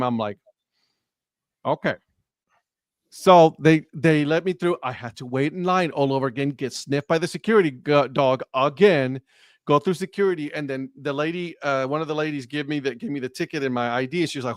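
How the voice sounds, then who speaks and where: Co-host, male, lively storyteller, slightly high voice, dry mic. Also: fairly quick, dry recording. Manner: animated storyteller, acts out dialogue. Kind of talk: casual sports chat. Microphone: live stream remote mic.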